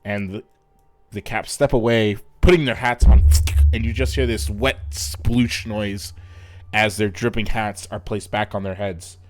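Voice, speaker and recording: A man narrating and running a tabletop fantasy game as game master, in a relaxed, hesitant way. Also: lowish voice, measured pace, no echo.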